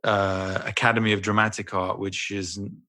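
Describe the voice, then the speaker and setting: A middle-aged actor telling a story as a guest in a casual interview, animated and swearing freely. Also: male voice, lowish voice, normal speed.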